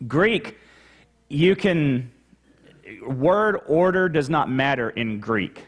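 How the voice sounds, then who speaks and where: A man's voice: fairly high pitch, expressive, slow. A male pastor preaching a teaching sermon, explaining the text and repeating key points for emphasis.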